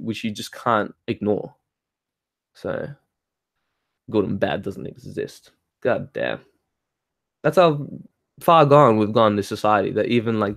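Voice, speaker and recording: A man's voice: lowish voice, dry recording, studio quality. A man ranting heatedly in casual talk, swearing and laughing as he reads and answers comments. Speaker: spiritual talk host reading chat.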